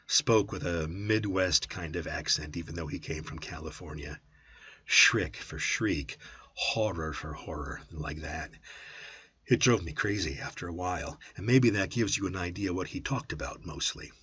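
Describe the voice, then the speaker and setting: A man narrating a first-person story as an audiobook, with an intense, brooding delivery that drops to a hush at times. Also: low-pitched, unhurried, breathy edge, no echo. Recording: dull lo-fi audiobook recording.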